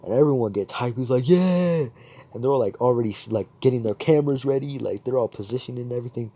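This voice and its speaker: Guy making up a fan story as he goes, swears a lot, keeps correcting himself, kinda husky. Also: medium pitch, fast, dark tone, dull audio. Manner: rambling, profane, correcting himself. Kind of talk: improvised fan fiction storytelling.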